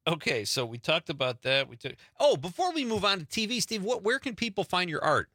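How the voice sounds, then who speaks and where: A man's voice: sits high, very animated, fairly quick, pushed and bright, no room sound, studio quality. A middle-aged man hosting a show, chatting casually and laughing easily with his guest. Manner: easygoing, laughs often. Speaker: radio show host. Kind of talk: casual chat.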